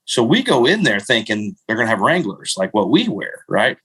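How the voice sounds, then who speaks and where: A man's voice: medium pitch, very animated, normal speed, a bit bright, husky. A middle-aged man co-hosting a podcast, rambling through self-mocking travel stories with frequent laughs. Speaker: podcast co-host. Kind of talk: casual storytelling chat.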